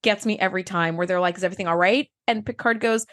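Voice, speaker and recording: A woman co-hosting a podcast in casual chat, retelling scenes warmly and acting out the lines. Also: medium pitch, fast talker. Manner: enthusiastic, heartfelt, retells scenes with acted lines. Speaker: podcast co-host.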